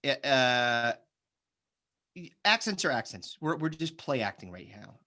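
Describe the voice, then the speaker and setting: A man's voice: mid-range voice, very animated, a little slow, pushed and bright. Man, 30s, podcast host, casual chat, rambling, swears a lot, jokey. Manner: rambling, profane, jokey, puts on silly voices.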